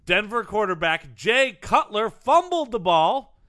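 Bright, high-voiced man reading aloud. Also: sing-song, measured pace. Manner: reads facts aloud with jokey asides. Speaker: podcast co-host reading a biography. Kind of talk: casual banter podcast, reading aloud.

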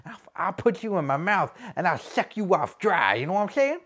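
A man's voice: sits high, very animated, a little fast, fairly bright tone, full character voice. A man voicing a crude, boastful male wrestler who poses as a gangster, talking with swaggering slang in a comedy sketch.

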